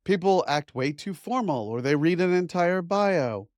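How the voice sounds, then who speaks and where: A man's voice: sits high, expressive, a little slow, no room sound. A middle-aged man, a media trainer, giving an upbeat, conversational lesson to camera. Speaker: media trainer and course instructor. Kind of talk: instructional talk to camera.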